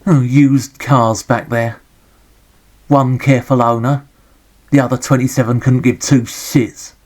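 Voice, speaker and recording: A man's voice: medium pitch, level tone, a little slow, darkish tone. An English man giving a sarcastic, grumbling, joke-filled running commentary as he reviews a retro game.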